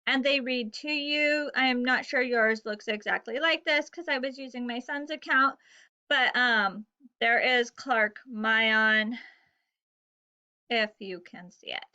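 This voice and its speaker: A woman teaches a recorded reading lesson from home, pacing her words slowly and spelling things out for young pupils. Her voice sits high and sounds bright. The recording is dull and lo-fi. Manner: slow, clear, encouraging teacher talk to young pupils.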